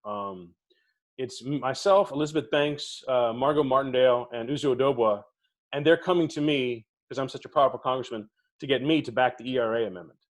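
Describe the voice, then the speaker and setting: A man's voice: mid-range voice, a little fast. A middle-aged man, a podcast co-host, telling theatre stories in casual talk and acting out the people he quotes. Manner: animated anecdotes, acting out quoted voices. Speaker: podcast co-host being interviewed. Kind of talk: casual storytelling.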